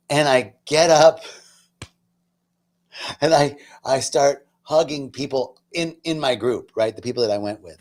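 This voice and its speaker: A man telling a personal spiritual story in an earnest, emotional way. He is casual and chatty with self-mocking asides, and he drops to soft, near-whispered passages before rising loud again. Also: mid-range voice, measured pace. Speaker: spiritual talk host.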